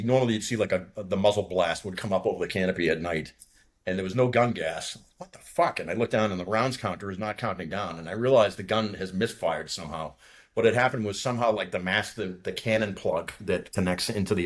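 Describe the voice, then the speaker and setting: Profane, low-voiced man in his sixties. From outside Boston, USA. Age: 60s. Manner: profane, laughing storyteller who acts out radio calls. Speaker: guest, retired fighter pilot. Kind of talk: casual war storytelling.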